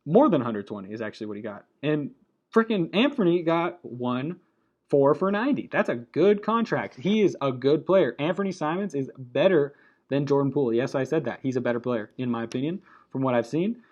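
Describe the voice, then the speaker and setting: A man of middle pitch vents about his team in a casual spoken rant. He is blunt and annoyed, swears freely, and keeps restarting his sentences as the thoughts tumble out. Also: lively intonation, a little fast, darkish tone, highs cut off. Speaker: basketball commentator.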